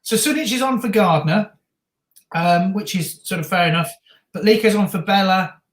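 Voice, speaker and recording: Jokey co-host in a roomy echo. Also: male voice, high voice, normal speed. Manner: jokey banter mixed with steady match analysis. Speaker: co-host of a football live stream reaction. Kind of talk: casual live match commentary and chat.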